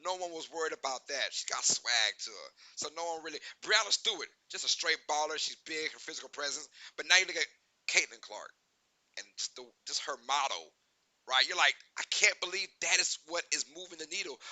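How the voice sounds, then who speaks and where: High bright voiced guy ranting about sports, punchy, dry close sound. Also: fairly quick, dry recording, low-quality recording. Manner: animated, emphatic, rhetorical "right?" asides. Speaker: sports talk show host. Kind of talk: opinionated sports commentary.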